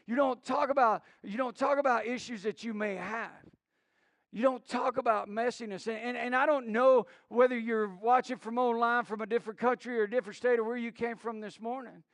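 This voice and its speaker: A man's voice: extremely high pitch, moderate pace, no echo. A middle-aged man preaching a sermon, telling stories with many restarts and acted-out quotes. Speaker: pastor.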